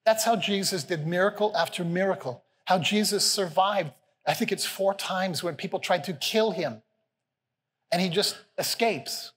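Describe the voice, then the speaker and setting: A senior pastor preaches to a live congregation in a big church hall. His voice sits a little high for a man and carries a long reverb tail off the room. He is animated and playful, voicing the quotes with a lift in pitch. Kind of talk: sermon.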